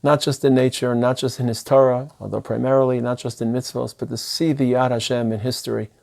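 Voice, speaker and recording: Middle-aged rabbi, earnest and emphatic, mid-pitched man's voice. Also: little pitch movement, fairly quick, creaky, a little mellow. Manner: earnest, emphatic delivery sprinkled with Hebrew and Yiddish terms. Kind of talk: sermon.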